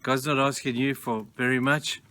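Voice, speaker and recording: Earnest man giving a gentle devotional. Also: medium pitch, flat delivery, normal speed. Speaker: pastor. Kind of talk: short daily devotional talk.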